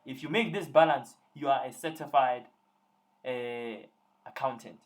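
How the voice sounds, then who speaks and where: A man's voice: medium pitch, a little slow. A young man tutoring students on a live online call, teasing and joking with them as he works through examples.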